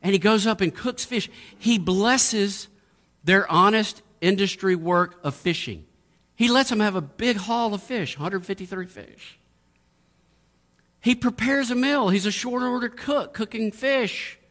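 A middle-aged male pastor delivers a sermon in a slightly raised voice. He piles up rhetorical questions and lifts into emphatic high points. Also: measured pace, a bit bright.

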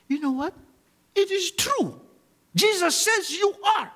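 A male preacher with a high, bright voice that leaps all over the place. He shifts between booming emphatic peaks and quiet, low phrases, and he leads the congregation in call-and-response declarations. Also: big pitch swings, a little slow. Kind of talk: sermon.

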